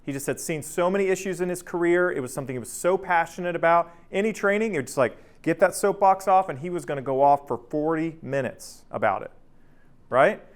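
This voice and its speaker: Speaking fairly quickly with a pitch on the high side, a man in his thirties runs a workplace training session. His workshop talk is casual and conversational, and he keeps checking in with "right?" while energetically acting out anecdotes.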